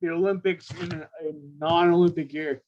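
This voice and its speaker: A man's voice: a little high, fairly even intonation, brisk, darkish tone, a little hiss or hum. A man co-hosting a podcast in a casual sports chat, talking hesitantly with frequent restarts and short agreements. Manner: hesitant, many restarts and fillers, agrees briefly. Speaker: podcast co-host. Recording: dull, muffled lo-fi mic.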